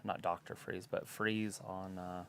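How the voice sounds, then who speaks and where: A man's voice: low voice, flat delivery, a little slow, gravelly, fairly bright tone. A man co-hosting a wrestling watch-along, giving laid-back, dry, wisecracking commentary. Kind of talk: casual wrestling commentary and chat.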